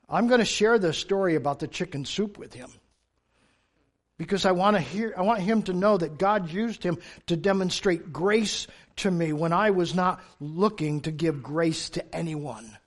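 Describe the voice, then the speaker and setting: An older man preaching a sermon in church, telling humorous stories with sudden loud emphasis. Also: fairly high pitch.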